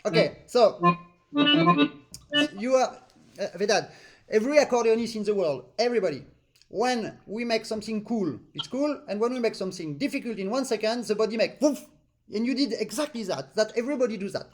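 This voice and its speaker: A man with a high voice gives a live online accordion master class over a video call. His English has non-native phrasing. He often sings rhythmic syllables to show how a passage should sound. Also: lively intonation, brisk, a little mellow, soft background music. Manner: explains with sung syllables to demonstrate phrasing. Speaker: accordion teacher.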